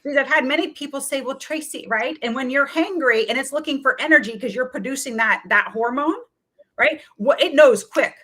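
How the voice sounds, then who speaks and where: A middle-aged woman, a wellness coach, telling lively stories in an interview and acting out what people said to her. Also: sits high, brisk. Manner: energetic, chatty, often acts out quoted voices. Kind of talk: animated storytelling in a talk-show interview.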